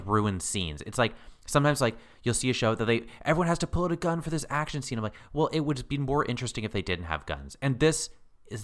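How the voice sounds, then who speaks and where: Animated man with a low voice. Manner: animated, laughs often, quick bursts. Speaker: podcast co-host. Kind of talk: casual chat about a TV show.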